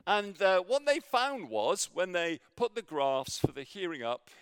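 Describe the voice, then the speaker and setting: A man preaching a sermon with a personal story, halting with many fillers and restarts, sometimes dropping to near a whisper. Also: mid-range voice, smooth, no echo, clean studio sound. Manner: drops to near whisper in quiet moments.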